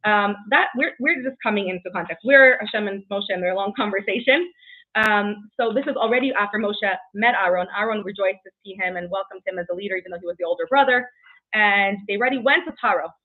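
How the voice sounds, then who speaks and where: A woman leads a weekly Torah class at a quick clip, chatty and brisk. She keeps checking in with her listeners and fills pauses with small "um"s. The sound is thin and tinny, like a phone line. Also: medium pitch. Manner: brisk and chatty, many "right?" checks and "um" fillers. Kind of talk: casual Torah lesson.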